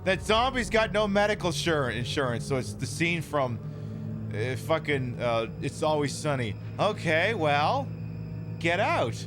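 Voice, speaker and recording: A man's voice: a little high, sing-song, measured pace, music in the background. A man casually commenting on a game he is streaming, sarcastic and profane, rambling between topics.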